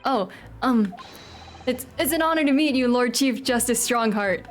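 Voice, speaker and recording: A woman's voice: on the high side, lively intonation, normal speed, lightly acted. A woman reading the lines of a nervous young male law student in an earnest, slightly timid way, over faint game music.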